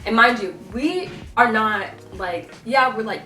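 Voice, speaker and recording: A teenage girl, telling an animated storytime rant, full of fillers and swinging into voices for the people she quotes. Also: a little high, a little slow. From South Carolina. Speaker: vlogger. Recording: echoey, voice a bit far from the mic, faint music.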